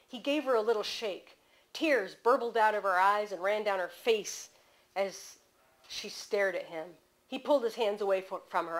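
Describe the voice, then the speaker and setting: A woman author reading aloud from her novel in a bookstore, measured and expressive. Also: mid-range voice.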